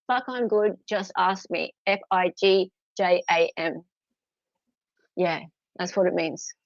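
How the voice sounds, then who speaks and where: Australian female host, casual live chat, bright-ish high voice, dull dry recording. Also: dry recording. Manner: chatty, animated, laughs often.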